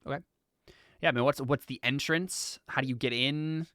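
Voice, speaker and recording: A man's voice: medium pitch, bright, forceful tone, no echo, clean studio sound. A man running a tabletop game as game master, talking casually with many restarts. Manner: casual, halting with restarts and fillers.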